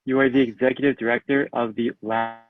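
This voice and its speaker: A man interviewing a guest for a podcast, asking questions in a thoughtful, slightly halting way. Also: mid-range voice, level tone. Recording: tinny phone-like line.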